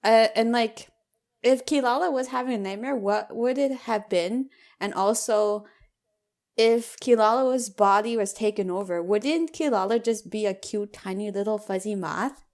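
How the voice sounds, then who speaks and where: A woman's voice: mid-range voice, a little slow, darkish tone. A woman co-hosting a casual podcast, chatting about anime with frequent giggles. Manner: giggly, laughs often. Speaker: podcast co-host. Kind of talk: casual chat.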